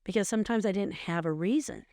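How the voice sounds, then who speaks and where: A woman's voice: mid-range voice, fast talker, darkish tone, no room sound, clean studio sound. A middle-aged woman co-hosting a podcast, giving earnest, coaching advice in a casual chat and repeating phrases for emphasis. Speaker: podcast co-host, mother.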